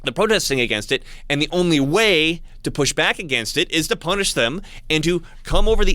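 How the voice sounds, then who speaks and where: A man talking in a casual monologue to his channel's viewers, halting with frequent restarts and repeated words. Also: a little high, animated, pushed and bright, no echo. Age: adult with young child. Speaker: channel host.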